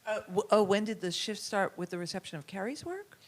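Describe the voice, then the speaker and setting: A woman's voice: medium pitch, animated, fairly quick. A middle-aged woman from the United States, a curator being interviewed, talking reflectively and thinking aloud with fillers and restarts. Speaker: curator and writer, guest. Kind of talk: conversational interview talk.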